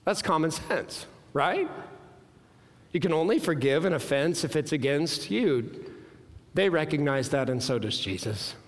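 A man in his thirties preaching a sermon, earnest and emphatic, climbing to strong peaks and dropping low. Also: big pitch swings, normal speed, long pauses. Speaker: pastor. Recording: reverberant hall.

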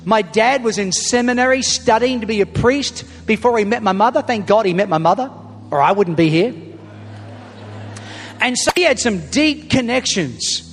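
A middle-aged man preaching a sermon as a pastor, telling a story emphatically and building to loud punchlines. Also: high voice, lively intonation, moderate pace. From Australia. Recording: long hall reverb, faint music.

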